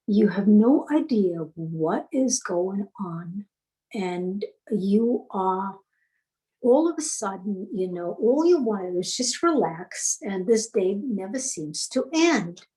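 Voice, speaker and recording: Slow, deliberate woman coaching. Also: medium pitch, darkish tone, rough recording. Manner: storytelling with many fillers and restarts. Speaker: self-help coach. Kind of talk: unscripted teaching talk.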